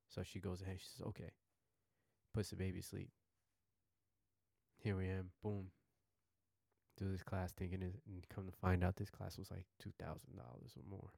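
Low gravelly man telling a story. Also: dry recording, studio quality. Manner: excitable, repeats himself, restarts sentences. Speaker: podcast host. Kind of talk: casual storytelling monologue.

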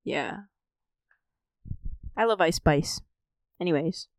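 A woman's voice: on the low side, takes it slowly, no room sound, clean studio sound. A young woman co-hosting a podcast in casual chat, blunt and teasing, swearing a lot. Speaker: podcast co-host.

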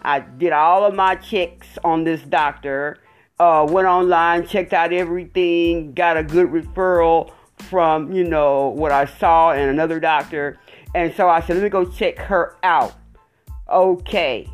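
A woman telling a rambling, animated storytime rant with lots of fillers. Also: low voice, a little slow, soft background music.

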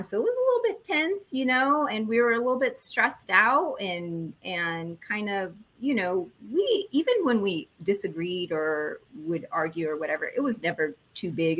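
Woman, 40s, guest storyteller, bright tone, dramatic pitch jumps. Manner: animated storyteller, acts out quotes with big pitch jumps. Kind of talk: personal storytelling in a podcast chat.

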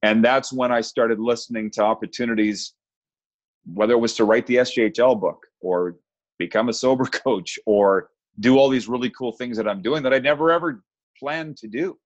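A man's voice: mid-range voice, moderate pace. A middle-aged man talking candidly as a podcast guest, telling stories about his past with self-deprecating honesty. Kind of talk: casual podcast interview. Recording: dull lo-fi sound.

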